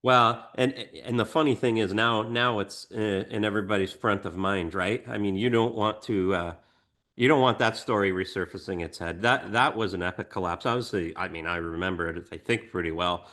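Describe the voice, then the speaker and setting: Male co-host, lower voice, emphatic and animated baseball chat. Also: moderate pace. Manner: animated, emphatic, lots of restarts. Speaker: podcast co-host. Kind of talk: casual sports chat.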